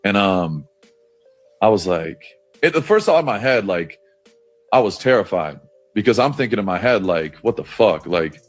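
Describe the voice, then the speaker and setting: Deep-voiced man telling a story casually. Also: animated, moderate pace, soft background music. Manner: loose, profane, lots of "like" fillers. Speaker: football player on a podcast.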